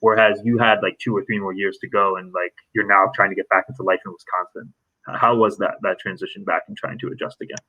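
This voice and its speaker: Guy hosting a chill podcast, kinda low husky voice, lots of likes and ums. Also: fairly even intonation, fast talker, sharp tone, rough recording. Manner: loose, rambling, heavy on fillers. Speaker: podcast host. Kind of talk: casual interview chat.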